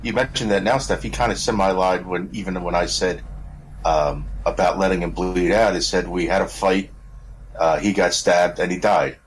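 A man's voice: low-pitched, steady tone, normal speed, a little hiss or hum, rough recording. A man co-hosting a podcast, chatting hesitantly about a video game with many fillers. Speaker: podcast co-host.

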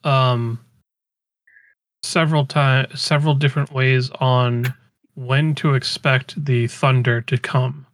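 A man chatting casually as a podcast co-host, talking in quick bursts and correcting himself. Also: medium pitch, fairly even intonation, a little hiss or hum. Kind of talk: casual chat.

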